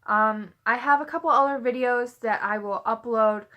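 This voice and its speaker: A woman's voice: a little high, normal speed, highs cut off. A young adult woman vlogging, telling a personal story in a rambling, casual way with many "like" fillers.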